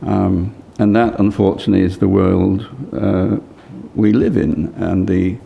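Older male lecturer, deep and gravelly, thinking aloud with lots of fillers. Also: fairly even intonation, measured pace, muffled recording. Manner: hesitant, many fillers and restarts. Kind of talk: impromptu academic remarks.

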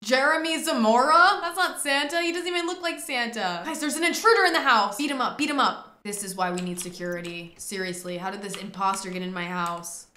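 Excitable woman narrating her gameplay. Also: medium pitch, fairly quick, reverberant. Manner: excitable, dramatic reactions to the game. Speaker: gaming video host. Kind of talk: casual gameplay commentary.

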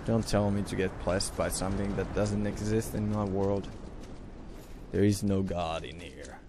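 A young man giving casual gameplay commentary who swears a lot and bursts out loudly at sudden mishaps. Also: sits low, fairly even intonation, measured pace, background noise. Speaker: let's play host.

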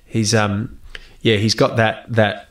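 An Australian man, a guest actor and musician, chatting casually in an interview, telling lively stories, laughing and swearing freely. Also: on the low side, slow pace. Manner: animated storyteller, laughs often, swears casually.

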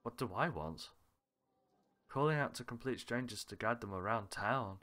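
A man's voice: mid-range voice, moderate pace, fairly bright tone. A man reading aloud every character's lines of a visual novel, switching between characters with small laughs and asides. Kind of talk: reading game dialogue aloud with light character voices.

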